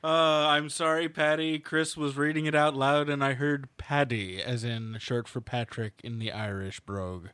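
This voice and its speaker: A man's voice: mid-range voice, steady tone, normal speed, few pauses, a bit bright, clear, resonant tone, dry recording. A man co-hosting a podcast, joking and teasing in casual chat. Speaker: podcast co-host.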